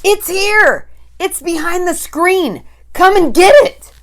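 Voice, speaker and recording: A woman voicing a disgusted female witch in a crowd, speaking with a high, nasal, complaining tone. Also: extremely slow, a bit bright. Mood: triumphant.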